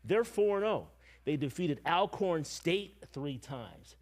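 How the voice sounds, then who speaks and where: A man's voice: on the high side, very animated. A man on a sports commentary stream, talking casually and laying out team records and background. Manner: measured, explains with stats and history. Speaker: football commentator.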